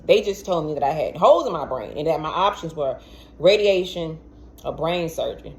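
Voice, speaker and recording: Woman, young adult, casual storytelling, lower pitch, animated, repeats words, acts out quotes. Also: fairly quick. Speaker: vlogger telling a personal story.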